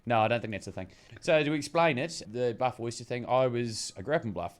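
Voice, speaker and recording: A man's voice: medium pitch, lively intonation, brisk. A young man with a southern New Zealand accent tells his story in a loose, joking way, full of local slang. He sounds like a podcast co-host chatting to his mate. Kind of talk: casual chat.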